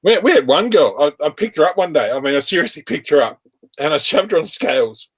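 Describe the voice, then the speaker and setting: A man's voice: a little high, expressive, fast talker, slightly rough. A man telling rambling work anecdotes in casual chat, laughing often. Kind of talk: casual chat on a live stream.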